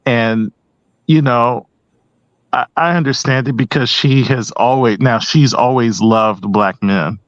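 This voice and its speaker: A man speaking as a guest on a panel discussion, hesitant with many pauses and restarts. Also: mid-range voice, no room sound, dull audio.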